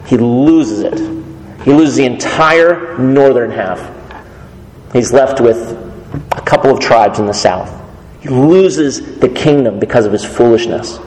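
A man's voice: mid-range voice, unhurried, a little mellow. A male pastor giving a sermon in a conversational, emphatic way. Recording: echoey hall reverb.

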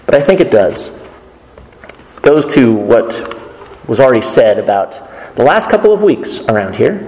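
A man preaching a sermon as pastor, earnest and measured, quoting scripture as he goes. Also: mid-range voice, sing-song, a little mellow, roomy sound, big-room sound, rough recording.

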